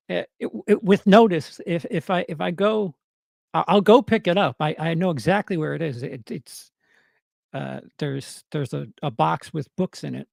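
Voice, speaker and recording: Man, New York accent, very gravelly fry, slightly high voice, halting livestream chat, dry close sound. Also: dry recording. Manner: halting, many stammered restarts and fillers. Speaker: livestream host answering chat.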